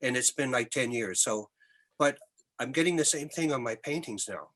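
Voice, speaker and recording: An older Canadian man, a musician guest, telling animated anecdotes in an interview with many restarts. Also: mid-range voice, normal speed. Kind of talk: storytelling interview.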